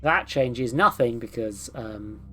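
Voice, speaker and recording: A woman's voice: very deep voice, animated, slow pace, sharp tone, faint music behind. A woman streaming a game, chatting and joking about herself as she plays. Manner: chatty, self-deprecating. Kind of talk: let's play with reading aloud.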